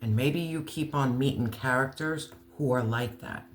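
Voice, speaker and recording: Guy doing a heartfelt tarot reading, medium pitch, roomy echo and a little hiss behind. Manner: earnest, emotional, slow deliberate emphasis. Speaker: tarot reader.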